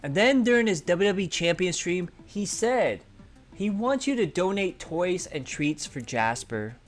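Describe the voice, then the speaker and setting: A man's voice: sits high, very animated, unhurried, soft background music. A man hosting a drama commentary channel, sarcastically recapping a streamer's clips. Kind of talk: narrating commentary over clips.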